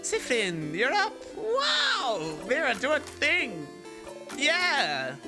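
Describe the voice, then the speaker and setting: A streamer giving excitable let's-play commentary on a game, laughing often and reading lines aloud. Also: high-pitched, slow. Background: game music.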